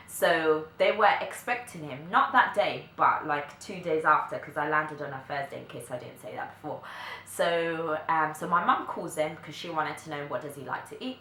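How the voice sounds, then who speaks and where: A young woman, telling a story to camera in a chatty way, full of filler likes and quick laughs. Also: deep voice, pushed and bright. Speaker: vlogger. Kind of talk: casual storytime chat. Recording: echoey room, faint background noise.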